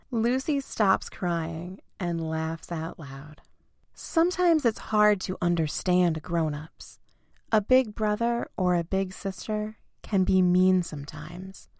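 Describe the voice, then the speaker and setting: A woman narrating a children's bedtime story in a clear, expressive way. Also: medium pitch, slow pace, no echo, studio quality.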